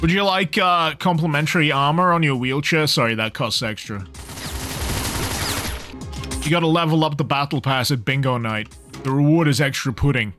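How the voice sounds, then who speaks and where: A man's voice: on the high side, moderate pace, over music. A man streaming a game, joking with his chat and laughing often, a little tipsy from a few beers. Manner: jokey, laughs often, chats with viewers. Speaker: gaming streamer. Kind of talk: casual livestream commentary.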